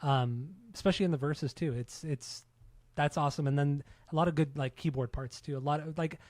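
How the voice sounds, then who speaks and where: A man's voice: on the high side, fairly even intonation, a little fast, darkish tone, dry recording. A man co-hosting a casual music podcast, talking in an easygoing, hedging way with many fillers. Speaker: podcast co-host.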